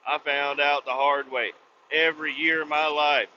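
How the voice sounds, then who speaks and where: A man hosting a podcast, ranting bluntly with lots of swearing and sudden loud outbursts. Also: a little high, flat delivery, normal speed, slight background noise. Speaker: podcast host. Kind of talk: profane comic rant. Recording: slightly dull lo-fi recording.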